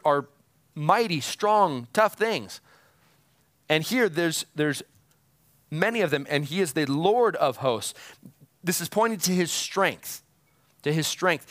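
With earnest conviction, a pastor guides his listeners through scripture in a sermon, his voice a little high for a man and a bit bright, rising to emphatic peaks. The recording is close and dry, with no echo or sense of room.

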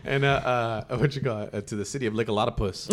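A man's voice: on the high side, sharp tone. A man from South Sacramento telling a long story in casual, profane chat, laughing often and acting out what he said. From South Sacramento, California. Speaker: podcast guest telling a story.

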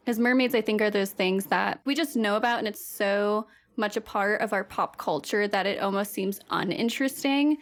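A woman's voice: medium pitch, normal speed, hardly any pauses. Giggly chatty woman podcast host. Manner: giggly, chatty, many "like" fillers. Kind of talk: casual chat.

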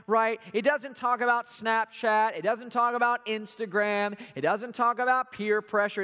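A man's voice: sits high, a bit bright. A young adult man giving a casual, playful youth sermon as a pastor, acting out what his listeners think. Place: church hall. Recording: reverberant hall.

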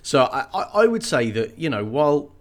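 A man co-hosting a casual book discussion podcast, animated, swearing playfully and laughing often. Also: medium pitch, normal speed. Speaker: podcast co-host.

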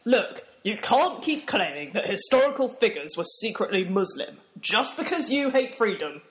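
A man's voice: high voice, sing-song, normal speed, a bit bright. A young man playing a dry, sarcastic, skeptical volunteer in a comedy sketch.

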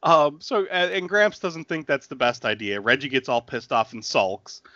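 Here a man in his thirties, co-hosting a podcast, talks casually through a movie one scene at a time, laughing and acting out what the characters say. His voice sits at medium pitch with a moderate pace and a sharp tone. The audio is dull and has no echo.

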